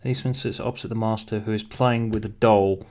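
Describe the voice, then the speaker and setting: A man's voice: fairly low pitch, fairly even intonation, fast, darkish tone. Laid-back man dictating a script. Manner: dry and laid-back, reads out stage directions. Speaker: co-writer and co-host. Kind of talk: casual chat, dictating a script as he types.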